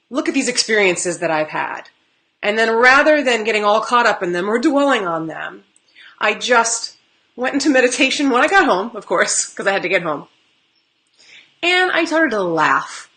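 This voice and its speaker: Bright, chatty woman card reader. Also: a little high, normal speed. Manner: chatty, animated storytelling with laughs. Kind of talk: live-stream chat with viewers.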